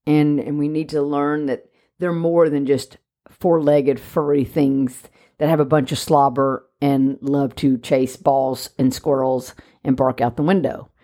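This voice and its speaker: A woman with a low-pitched voice talks through dog training in a relaxed podcast chat. She lays out her points with plenty of everyday examples, in a conversational, unhurried way. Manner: explains by steady examples, talkative.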